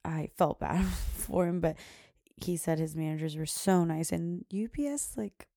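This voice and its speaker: Young woman podcaster, casual rambling storyteller, gravelly and dark-toned, dry close sound. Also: on the low side, a little slow, dry recording. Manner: rambling, many "like" fillers, quotes herself. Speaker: podcast host.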